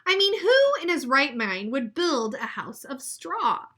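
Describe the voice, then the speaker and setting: A woman reading aloud as a sly, smooth-talking male wolf telling his side of a storybook tale. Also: sits high, big pitch swings, a little slow, a bit bright, exaggerated voice. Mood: wry.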